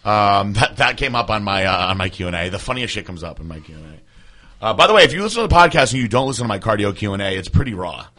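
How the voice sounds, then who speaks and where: A man co-hosting a podcast, telling a story in loose, profane banter and often trailing off quietly. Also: fairly low pitch, expressive, fast. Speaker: podcast co-host.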